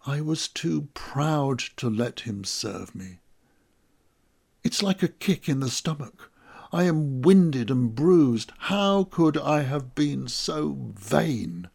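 Male storyteller, slow and gravelly, intimate confessional monologue. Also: mid-range voice, animated, a little mellow. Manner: slow, reflective and intimate, rising to emotional outbursts. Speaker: narrator. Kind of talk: first-person dramatic monologue.

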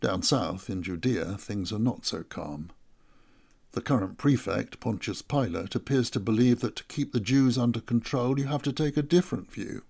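Man reading a story in first person, calm and thoughtful, gravelly voice. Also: fairly low pitch. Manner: measured, reflective. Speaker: narrator.

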